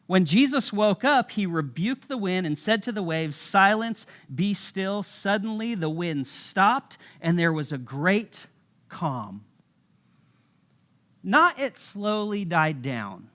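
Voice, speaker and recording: Animated high-voiced man preaching. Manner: casual, animated storytelling with voiced asides. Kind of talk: sermon. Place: church.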